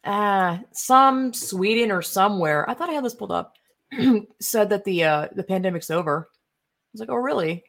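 A woman's voice: medium pitch, lively intonation, normal speed, a bit bright. A young woman giving casual, rambling commentary on online posts, indignant and profane, with many fillers. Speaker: political commentary streamer. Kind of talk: casual ranting commentary while browsing posts.

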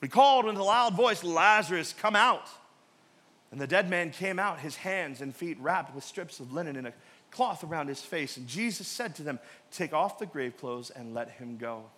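A male pastor preaching a sermon, swinging between loud emphatic peaks and quiet, low asides. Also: lively intonation, normal speed.

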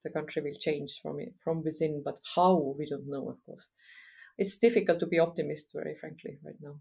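A middle-aged woman from Estonia, speaking frankly as a guest expert in a podcast interview, pausing often with "uh" as she thinks. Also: low voice, fairly even intonation, gravelly, mellow, husky. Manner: thoughtful, frank, with frequent uh pauses.

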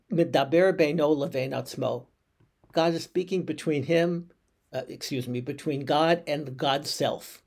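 A rabbi explains a Hebrew verse, walking listeners through it step by step. His voice is gravelly and sits a little high for a man. He asks questions aloud and corrects himself as he goes. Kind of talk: teaching Torah commentary.

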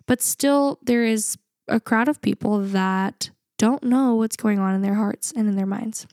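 Her voice sits on the high side with a darkish tone and a measured pace, recorded dry at studio quality. The young woman co-hosting this laid-back podcast comes across as earnest and reflective, and she laughs a lot.

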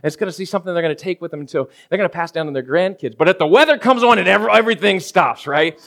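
A pastor delivers a conversational sermon in a high, fast, creaky voice with a fairly bright tone. He keeps it casual, repeatedly asking the congregation "right?" and acting out everyday scenes in quoted voices.

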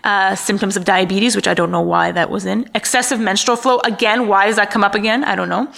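A woman's voice: medium pitch, steady tone, fairly quick, creaky, fairly bright tone. A woman co-hosting a podcast, casually recounting a true-crime story with wry asides and stumbles over names. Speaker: podcast co-host.

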